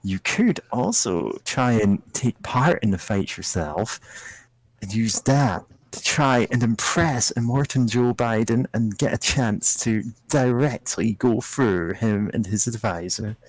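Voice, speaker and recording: A man's voice: fairly low pitch, animated, slow pace, dry recording, low-quality recording. A man narrating a tabletop role-playing game as game master, improvising with rambling, hesitant phrasing. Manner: rambling, hesitant, many fillers.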